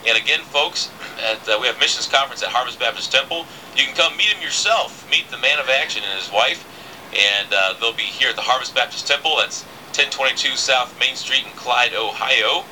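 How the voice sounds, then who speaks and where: A man's voice: medium pitch, brisk, sharp tone, slight background noise, rough recording. A man hosting a casual radio interview, chatty, with many fillers and restarts. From southern United States. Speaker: radio host.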